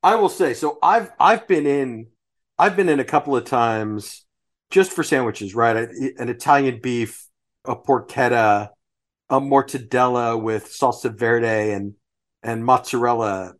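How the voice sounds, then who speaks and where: A man's voice: medium pitch, a little slow. A man hosting a podcast, chatting casually and listing dishes with frequent restarts. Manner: relaxed, restarts phrases while listing dishes. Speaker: podcast host. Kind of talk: casual chat.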